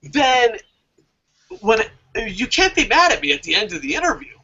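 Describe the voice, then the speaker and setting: A man's voice: very high voice, huge pitch swings, fast talker, creaky, sharp tone, husky, dull audio. A man hosting a casual wrestling talk show, rambling, swearing and laughing often. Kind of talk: casual podcast chat.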